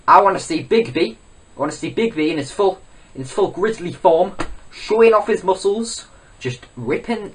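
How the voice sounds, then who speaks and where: A man's voice: on the high side, a bit bright, husky, far from the mic. A young man ranting in a mock-serious comedy vlog, rambling and boastful with lots of self-interruptions. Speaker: comedy vlogger. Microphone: webcam.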